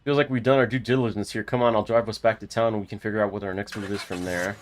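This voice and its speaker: A man hosting a let's play, reading a story game aloud and thinking out loud in a casual way. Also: lowish voice, steady tone, fast.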